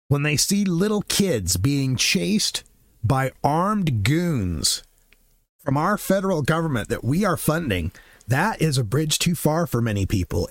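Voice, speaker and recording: A man's voice: medium pitch, no room sound, clean studio sound. A man delivering an impassioned, sarcastic political commentary monologue.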